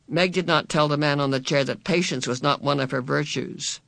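A narrator reading a novel aloud in a measured, even way. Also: mid-range voice, creaky, no echo. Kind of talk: scripted audiobook narration.

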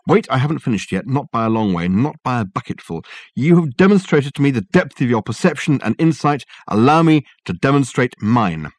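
A man voicing an eccentric, excitable male detective who talks theatrically and with grand gestures. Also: medium pitch, brisk, no room sound, clean studio sound, pitched above the performer's own voice.

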